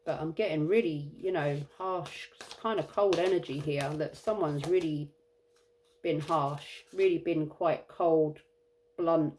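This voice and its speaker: A tired woman giving an intuitive tarot reading, musing and halting with many fillers. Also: low-pitched, a little mellow, a little hiss or hum. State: tired, yawning. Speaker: tarot reader.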